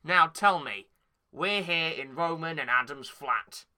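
A man's voice: on the high side, a little slow, bright, forceful tone, smooth. A man co-hosting a podcast, playing the bossy straight man in an improvised comedy sketch and keeping the bit on track. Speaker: podcast co-host.

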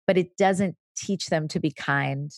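A woman's voice: deep voice, a little slow, no echo, studio quality. A woman speaking as the expert guest in a conversational interview, explaining patiently and now and then acting out what a parent might say. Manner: explanatory, briefly acts out parent and child lines. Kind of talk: casual chat.

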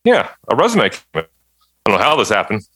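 Bright, lively man hosting a podcast. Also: on the low side, a little fast. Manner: lively, playing along with jokes. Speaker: podcast host.

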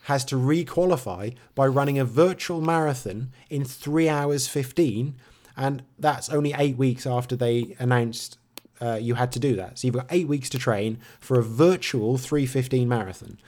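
A man's voice: mid-range voice, normal speed, darkish tone. A man co-hosting a running podcast in casual chat, with dry, wry understatement. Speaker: podcast co-host.

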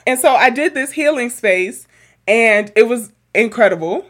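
A young woman and therapist chatting casually as podcast co-host, animated, laughing often and swearing casually. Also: on the high side, measured pace.

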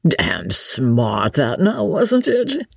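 A woman voicing a lazy, foppish English nobleman who drawls good-humoured oaths in an audiobook. Her voice is gravelly and husky. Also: very deep voice, very animated, measured pace, darkish tone, dry recording, studio quality, voice pushed up, exaggerated voice. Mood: jovial. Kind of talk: audiobook character reading.

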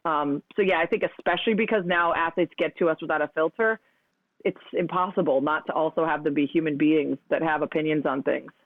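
A woman's voice: sits low, steady tone, brisk, no room sound. A woman sports radio host talking as a guest in a casual interview, chatty and full of likes. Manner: chatty, frequent likes and laughs. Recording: dry, tinny phone line.

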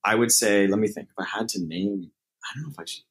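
A man with a fairly low voice answers interview questions in a relaxed, conversational way. He hesitates often, restarting phrases and filling pauses as he thinks aloud. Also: a little hiss or hum, poor audio. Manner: hesitant, many fillers and restarts. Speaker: interview guest, startup co-founder. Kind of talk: casual interview talk.

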